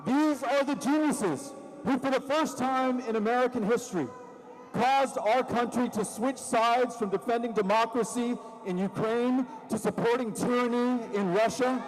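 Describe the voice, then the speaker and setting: A man giving a political rally speech from a stage microphone, impassioned and sarcastic, building to loud emphasis. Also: extremely high pitch, normal speed. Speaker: rally speaker. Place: large rally venue with a crowd. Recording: long reverb of a large venue.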